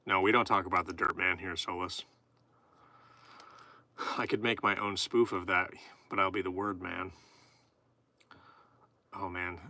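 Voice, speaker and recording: Dry audio captures a man with a deep, creaky, sharp voice bantering goofily with his viewers while he writes poems on stream. He keeps a steady tone and measured pace, pausing often as he rambles.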